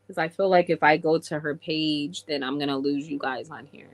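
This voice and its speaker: A woman's voice: low voice, steady tone, moderate pace. A woman from England chatting casually with viewers on a livestream and answering their comments. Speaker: live streamer.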